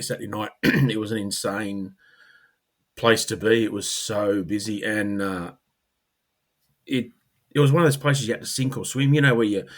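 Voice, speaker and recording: A middle-aged Australian man, a former police officer, talking casually as a podcast guest, rambling with fillers and clearing his throat. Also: fairly low pitch. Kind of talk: casual conversational storytelling.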